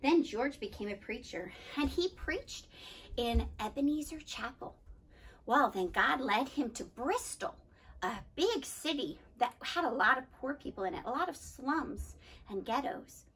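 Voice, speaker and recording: A woman's voice: high voice, unhurried, breathy edge. A woman leading a children's club, talking playfully to kids at home and telling them a story. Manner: lively and playful, addressing kids directly. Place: church setting, streamed to children at home.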